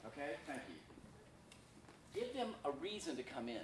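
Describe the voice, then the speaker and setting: A man's voice: medium pitch, sing-song, moderate pace, pauses often. A man teaching a school orchestra masterclass, frank and self-deprecating, singing phrases to show what he means. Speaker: visiting violinist teaching a masterclass. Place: school rehearsal room, echoey. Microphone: recorded from afar by a room camera. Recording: echoey room, distant, noisy.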